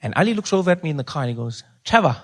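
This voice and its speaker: A man from South Africa with a South African accent, doing stand-up comedy, telling stories in an animated way and laughing at his own jokes. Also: fairly high pitch, racing.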